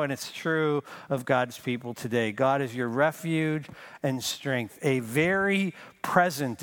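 A man preaching a sermon as pastor, emphatic, repeating key phrases and slowing down to stress them. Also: fairly high pitch, fairly bright tone.

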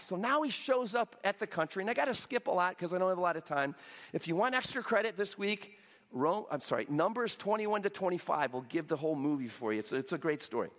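A man delivers a sermon, his voice sitting a little high for a man. He retells a story with lively, playful asides and quick voices for the characters. The sound rings out with the long reverb of a large hall. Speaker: pastor.

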